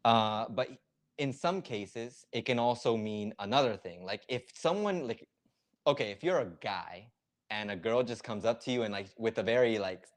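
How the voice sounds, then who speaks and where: A man with a fairly low voice talks casually on a live reaction stream. He explains slang step by step and leans on filler words as he goes. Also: normal speed.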